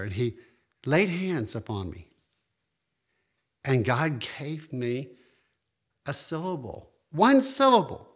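A man preaching a sermon as pastor, emphatic, with sudden jumps in pitch and stretched-out phrases.

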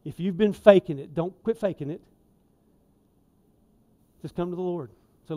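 A man preaching a sermon in a church, folksy and conversational, with emphatic asides and swings in loudness. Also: on the high side, a little fast, pauses often. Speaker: lay preacher. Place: church sanctuary.

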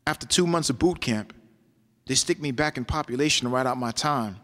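A man's voice: mid-range voice, brisk, fairly bright tone. A man giving a spoken-word performance as a poet, with a rhythmic, rhyming delivery. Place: lecture hall. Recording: long reverb of a lecture hall.

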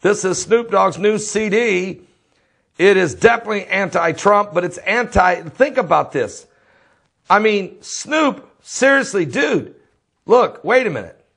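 A fiery preacher with a strikingly high male voice hammers out one rhetorical question after another. His commentary is impassioned and repetitive, and at times it swells into shouting. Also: expressive, measured pace, gravelly, breathy edge.

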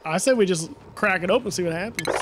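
A man's voice: sits high, fast, loud music behind the voice. A male streamer giving live gameplay commentary, rambling and puzzled, asking himself questions aloud as he plays.

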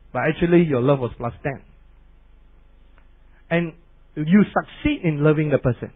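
Man, pastor, middle-aged, animated sermon, fairly high voice, tinny lo-fi recording. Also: slightly rough. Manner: animated preaching with barking imitations. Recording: tinny phone-like lo-fi sound.

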